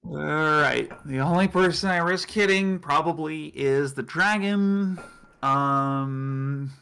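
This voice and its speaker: A man's voice: a little high, takes it slowly, vocal fry, pushed and bright, smooth. A man playing a tabletop game, joking as he takes his turn. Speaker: player.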